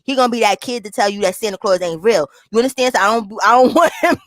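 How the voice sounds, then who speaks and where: A woman's voice: fairly high pitch, fast, a bit bright, no echo. A woman talking in a loose, slangy casual chat, often checking in with her listener. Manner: slangy, keeps asking "you understand?".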